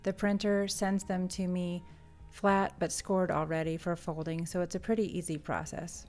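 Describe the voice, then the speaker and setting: A woman, an artist and shop owner, narrating her vlog in a calm, matter-of-fact voice-over. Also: lowish voice, moderate pace. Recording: voice-over with faint background music.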